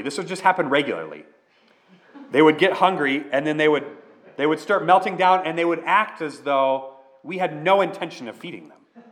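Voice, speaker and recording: A man's voice: fairly high pitch, fairly bright tone. Male pastor, sermon delivery, earnest and conversational.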